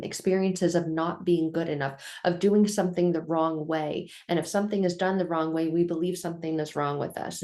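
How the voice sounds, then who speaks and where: Middle-aged woman, lowish voice, earnest storyteller who repeats phrases for emphasis. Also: warm tone. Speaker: vlogger telling a life lesson. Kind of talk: reflective personal storytelling.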